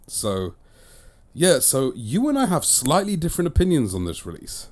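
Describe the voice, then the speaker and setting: A man co-hosting a podcast in casual chat, animated and teasing, with crude banter. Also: fairly high pitch, normal speed. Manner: animated, swinging between mumbles and loud bursts. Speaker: podcast co-host.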